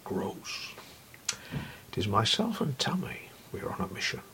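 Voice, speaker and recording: A man's voice: medium pitch, wildly swooping pitch, quick pace, pushed and bright, slight background noise. A man reading a first-person literary story in a wry, intimate way, often dropping to a whisper.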